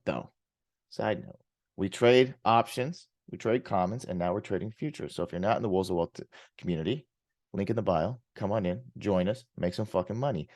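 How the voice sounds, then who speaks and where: A man's voice: mid-range voice, a little mellow, no echo, clean studio sound. A man hosting a stock trading show, ranting and swearing emphatically as he talks through chart levels and repeats his points. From US West Coast. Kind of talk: ranting market commentary.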